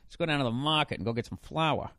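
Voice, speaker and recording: A man's voice: medium pitch, animated, fast, fairly bright tone, dry recording, studio quality. A man doing a brash old-timey tough guy.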